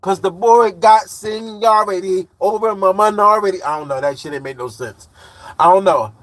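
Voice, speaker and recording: On his live stream, a fortysomething Chicago trucker reads comments aloud and chats in a loose, slangy, meandering way. He talks at normal speed in a high, fairly bright voice, with no room sound in the recording.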